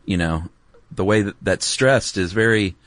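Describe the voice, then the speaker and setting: A man's voice: on the low side, a little slow, a bit bright, dry recording. A man co-hosting a podcast, laid-back and wry, with many "um"s as he explains. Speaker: podcast co-host. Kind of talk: casual educational chat.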